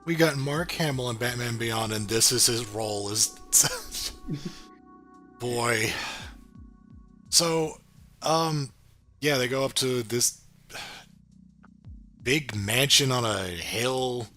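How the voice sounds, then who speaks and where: A man's voice: medium pitch, takes it slowly, sharp tone, faint music behind. A man co-hosting a podcast, recapping episodes in a laid-back, agreeable way with frequent fillers. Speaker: podcast co-host reviewing a cartoon series. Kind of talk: casual chat.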